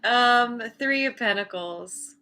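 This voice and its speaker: A woman giving a relaxed tarot reading to her viewers, talking in a loose, chatty way and laughing often. Her voice is bright and clear, and she slips into lively little voices when she acts out how people react. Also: a little high, slow. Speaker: tarot reader. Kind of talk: casual spoken tarot reading.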